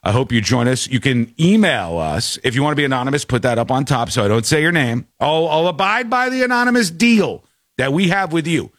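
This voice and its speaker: Male show host, lively swooping delivery, dry close sound, chatty and rambling. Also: a little high, fairly quick, dry recording. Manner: animated, rambling, laughs often. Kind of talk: casual talk show banter.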